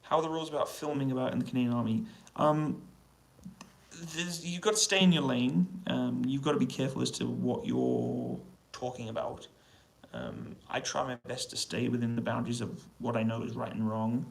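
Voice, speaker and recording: A British man in a hotel room, answering viewers' questions on a casual, relaxed live stream and keeping his voice down so he doesn't wake anyone. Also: medium pitch, moderate pace, vocal fry, rough recording. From United Kingdom. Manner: relaxed, quiet voice to avoid waking neighbours. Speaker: livestream host answering chat questions. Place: hotel room on an army base.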